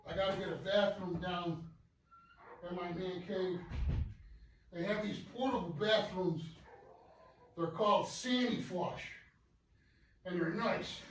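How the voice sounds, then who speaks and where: A man's voice: sits high, steady tone, takes it slowly, pauses often. A man chatting casually to his viewers from a cluttered basement, rambling and puffing, winded as he moves things around. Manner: rambling, loose, with many fillers and puffing sighs. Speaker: hobby vlogger. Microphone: distant from the mic, moving around the room. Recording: echoey basement from a distance, faint noise.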